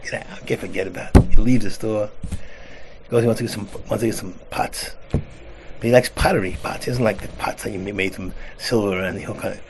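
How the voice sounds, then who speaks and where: A man, a rabbi, telling an animated parable in casual talk, sprinkled with Hebrew and words. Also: lowish voice, a little fast. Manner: animated storyteller, acts out voices. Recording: noisy recording.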